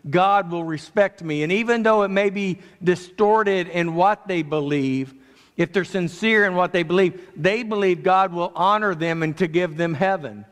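Pastor guy preaching, kinda high voice, earnest, big echoey church sound. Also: normal speed. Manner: earnest, shifting between raised and hushed delivery. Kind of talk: sermon. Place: church sanctuary. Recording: long church reverb.

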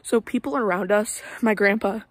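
A woman's voice: medium pitch, normal speed, dry recording. A young woman talking on a walk outdoors, chatty and out of breath, with many fillers and indignant asides. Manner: chatty, lots of fillers, indignant about neighbors. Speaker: vlogger. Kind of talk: casual rambling vlog, walking. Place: outdoors in a neighborhood.

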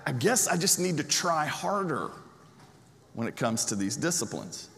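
Preacher, male, fairly high voice, chatty sermon delivery, long church reverb. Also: fairly bright tone. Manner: conversational, with frequent restarts and asides to the congregation. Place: church sanctuary.

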